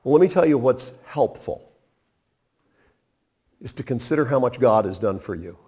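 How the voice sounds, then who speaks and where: A man preaching a sermon, retelling a parable with animated storytelling and acted-out voices. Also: medium pitch, moderate pace, breathy edge. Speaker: pastor.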